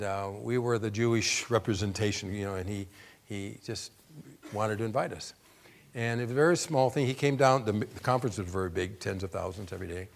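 A male preacher delivering a sermon, talking easily and stopping to check that the audience is following. When he reads scripture his voice climbs and gets louder and more emphatic. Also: mid-range voice, creaky. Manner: conversational, asks the audience questions.

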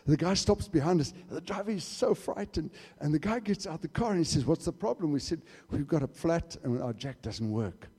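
Man, preacher, sermon, high voice, husky, hushed to shouting, long hall reverb. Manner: emphatic, swings from hushed to shouting. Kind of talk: sermon with storytelling.

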